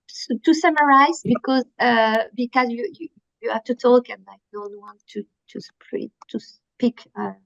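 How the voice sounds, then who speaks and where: A woman with a French accent giving a workshop presentation, halting and searching for words with many fillers. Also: a little high, dry recording. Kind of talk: online presentation. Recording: dull lo-fi audio.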